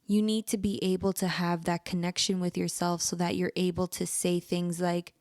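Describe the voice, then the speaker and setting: A woman's voice: on the low side, little pitch movement, normal speed, hardly any pauses, darkish tone, no room sound. Earnest woman giving advice, dry sound. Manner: earnest, encouraging, speaks directly to the listener. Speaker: podcast host. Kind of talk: personal advice monologue.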